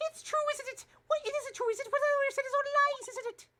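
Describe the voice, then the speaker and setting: A woman's voice: steady tone, fast, heavy background noise. A woman voicing a distraught young wife who pleads tearfully with her husband. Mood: pleading. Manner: tearful, pleading, high-strung.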